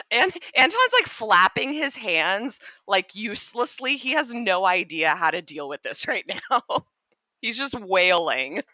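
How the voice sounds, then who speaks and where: A woman's voice: medium pitch, sing-song, a little slow, bright, forceful tone, no room sound, highs cut off. A woman narrating as game master of a tabletop game, casual and giggly, with lots of fillers.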